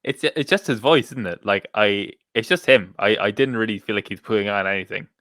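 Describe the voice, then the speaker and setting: An easygoing man in a casual podcast chat. His voice sits low but has a bright, forward edge, and it is recorded dry and close. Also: fairly quick, dry recording. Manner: easygoing, brief agreeing replies. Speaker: podcast panelist.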